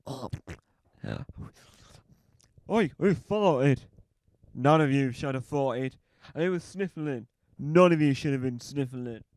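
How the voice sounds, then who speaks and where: A woman's voice: rumbling low, takes it slowly, long pauses, darkish tone, dry recording, clean studio sound. A performer voicing a bossy female builder who barks instructions at new recruits in a comedy sketch. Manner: barking drill-sergeant instructions.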